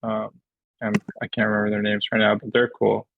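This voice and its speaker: A man chatting casually as a podcast guest, halting and laid-back, full of fillers and restarts. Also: lowish voice, completely flat delivery, gravelly, narrow, tinny audio, a little hiss or hum. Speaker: podcast guest, shoe designer. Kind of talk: casual chat.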